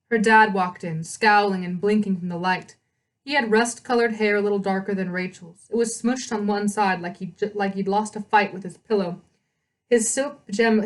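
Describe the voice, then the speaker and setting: A woman hosting a read-aloud, reading a novel with chatty asides and quick self-corrections. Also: medium pitch.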